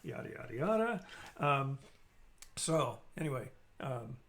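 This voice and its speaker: A man's voice: medium pitch, big pitch swings, measured pace, gravelly, fairly bright tone. A man hosting a casual live stream, rambling and joking while he reads out viewer comments.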